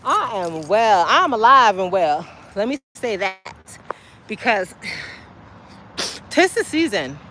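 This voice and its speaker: A woman hosting a casual livestream outdoors by a street, chatting straight to her viewers and breaking into sudden high exclamations. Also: big pitch swings, takes it slowly, long pauses, sharp tone, a little hiss or hum. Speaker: livestream host. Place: outdoors by a street, waiting for a ride.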